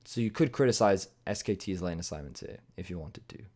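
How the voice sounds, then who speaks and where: A man's voice: sits low, expressive, dark tone. A man reviewing a video game match as an esports analyst, explaining plays in a casual way. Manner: explanatory, casual, breaks into quick impressions.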